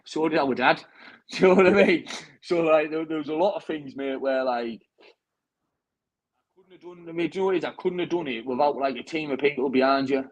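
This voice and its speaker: Young british bloke, fighter, rambling post-fight chat, keeps saying mate. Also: male voice, fairly high pitch, fairly quick, poor audio. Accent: British English. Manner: chatty, says "mate" constantly, rambling restarts. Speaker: bare-knuckle fighter.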